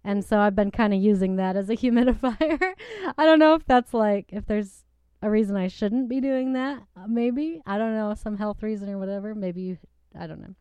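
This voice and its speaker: A woman's voice: mid-range voice, normal speed, a little mellow, smooth, no room sound. A young woman vlogging from her apartment, chatting casually about singing, giggling often and using lots of fillers. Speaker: singer and vlogger. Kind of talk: casual chat. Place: apartment with a piano.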